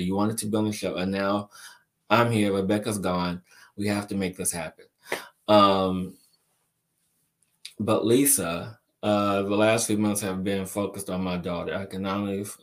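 A man with a very deep voice hosts a spiritual live stream and answers viewer questions one by one. He talks slowly and deliberately and piles up repeated phrases to stress a point. He speaks to listeners warmly as "my friend" and "my dear.". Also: little pitch movement.

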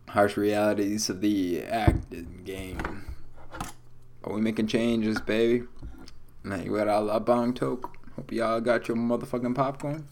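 A man's voice: mid-range voice, fairly even intonation, a little slow, a little mellow. Rambling, profane stoned podcast guy. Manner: profane, rambling, laid-back. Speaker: podcast host. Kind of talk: casual stoned solo podcast chat. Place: home room with lights off.

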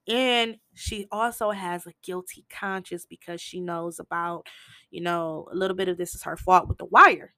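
Woman host, casual show recap, lively slangy storyteller, bright tone. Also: medium pitch, normal speed, no echo. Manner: animated storytelling with slangy asides. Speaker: TV episode recapper.

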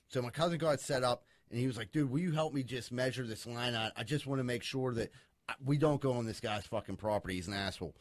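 A man telling a profane, animated story in casual chat among friends. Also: medium pitch, fast talker, dry recording, clean studio sound.

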